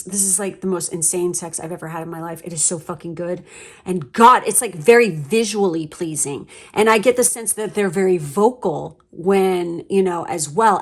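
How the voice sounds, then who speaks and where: Woman tarot reader, casual and chatty, blunt and foul-mouthed, laughs a lot. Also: mid-range voice. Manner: chatty, frank and profane, laughs often. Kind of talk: casual pick-a-card tarot reading.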